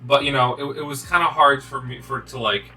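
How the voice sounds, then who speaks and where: A man's voice: mid-range voice, fairly even intonation, a little fast, bright, forceful tone, distant mic, faint music behind, rough recording. A young man co-hosting a gaming video, telling a rambling, swearing story with many restarts. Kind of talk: casual chat while playing.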